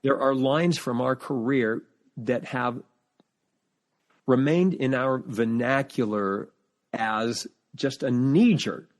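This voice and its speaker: On a podcast, a male guest with a mid-range voice and slow pace shares animated family anecdotes in casual conversation, frequently restarting sentences while hunting for the right words.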